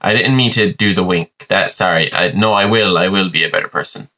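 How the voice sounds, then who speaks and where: A man's voice: low voice, fairly quick, sharp tone. A young man, hosting a podcast in a rambling, sweary and self-mocking comic monologue. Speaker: podcast host.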